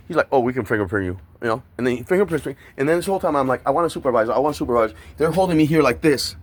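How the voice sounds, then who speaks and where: A man's voice: medium pitch, animated, rapid-fire, hardly any pauses. A man angrily retelling being handcuffed, swearing constantly and acting out the voices of everyone involved. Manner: agitated, profane, mimics voices while retelling. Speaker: man detained by police. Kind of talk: heated recounting of an arrest. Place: outdoors by a street.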